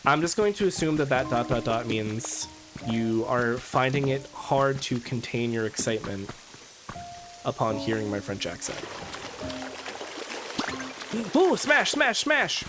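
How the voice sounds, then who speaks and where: A man's voice: medium pitch, moderate pace. A man streaming a video game, talking casually and campily to his chat with jokey asides. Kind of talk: casual gameplay commentary. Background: game music.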